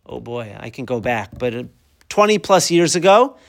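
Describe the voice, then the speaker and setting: Teaching his weekly Torah class in a conversational style, a middle-aged man speaks at a moderate pace in a gravelly mid-range voice with big swings in pitch. He asks rhetorical questions and sprinkles in Hebrew and Yiddish words.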